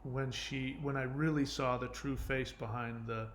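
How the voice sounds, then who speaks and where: A man's voice: medium pitch, steady tone, a little slow, fairly bright tone, slight background noise. A man hosting his own channel, answering viewer comments in a candid, rambling monologue full of fillers and restarts. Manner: rambling, frequent "you know" fillers and restarts; earnest, confessional. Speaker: channel host.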